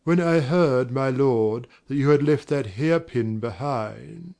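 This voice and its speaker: A man's voice: medium pitch, slow, vocal fry, a little mellow. A man playing a formal, deferential butler in an amateur drama reading. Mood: respectful. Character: faithful, deferential male butler.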